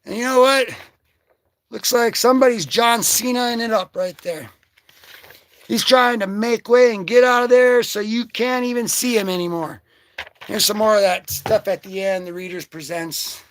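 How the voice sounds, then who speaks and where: An excitable man hosting a casual comic book vlog, joking and slangy as he talks through his comics. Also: sits high, normal speed. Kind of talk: casual livestream commentary.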